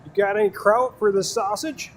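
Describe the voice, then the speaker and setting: Man doing a cheery folksy Wisconsin local, thick Wisconsin accent, raised high voice, drawn-out words. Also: steady tone, a little hiss or hum, close to an everyday voice.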